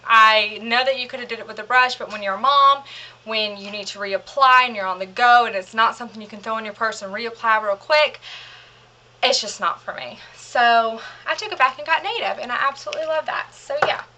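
A woman's voice: a little high, a little fast, bright, forceful tone, a little hiss or hum. A young woman chatting through a makeup haul, gushing and rambling with lots of fillers, a little out of breath as she hurries. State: slightly out of breath, hurrying. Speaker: beauty vlogger. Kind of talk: casual chatty product haul.

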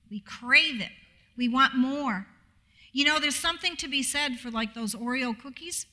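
A middle-aged woman giving a casual teaching talk to a congregation, conversational and quick to laugh, asking the audience questions. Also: a little high, sharp tone. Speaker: guest speaker at a congregation.

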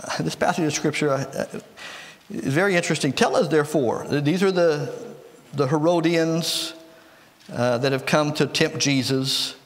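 A man's voice: fairly high pitch, moderate pace. A man with an American Midwestern accent preaching a sermon, reading scripture and repeating key points for emphasis. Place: church sanctuary. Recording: long church reverb.

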